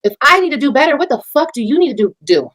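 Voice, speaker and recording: A woman's voice: big pitch swings, quick pace, low-quality recording. A mother on a livestream, ranting about her critics in a heated, profane way and lecturing her viewers. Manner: heated, profane, preachy, swings between loud and low. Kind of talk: casual livestream rant.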